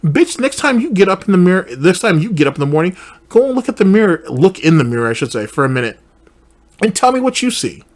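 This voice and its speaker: A man with a high voice hosts a reaction commentary channel, speaking very fast and with lots of animation. His delivery is blunt, profane and confrontational.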